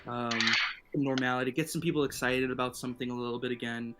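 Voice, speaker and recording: A man voicing a soft, hesitant guard captain. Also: mid-range voice, steady tone, fast talker, heavy background noise, lightly acted. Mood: weary, evasive. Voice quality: soft-spoken, hesitant, filler-heavy.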